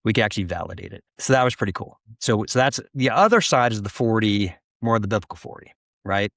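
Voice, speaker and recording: Chatty middle-aged man with a low voice. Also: quick pace, creaky, no echo, clean studio sound. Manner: animated, restarts often, acts out quoted voices. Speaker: guest, business founder. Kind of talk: casual interview storytelling.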